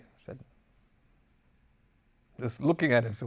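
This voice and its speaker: A lively man with a high voice teaches a class a little fast in a recorded lecture. He is an Islamic teacher who moves between Arabic text and English explanation. He also tells anecdotes, acting out the dialogue briefly.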